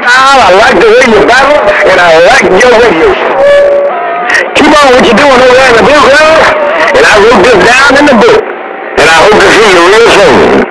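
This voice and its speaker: Man, CB radio operator, high voice, repetitive friendly chatter, handset mic, loud static. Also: very animated, moderate pace. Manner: repetitive, rambling, friendly blessings and sign-offs.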